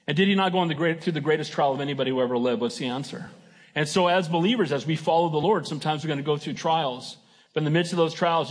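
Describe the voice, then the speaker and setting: A man preaching a sermon as pastor, emphatic and folksy, often asking his congregation "Amen?". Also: on the high side. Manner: folksy and joking.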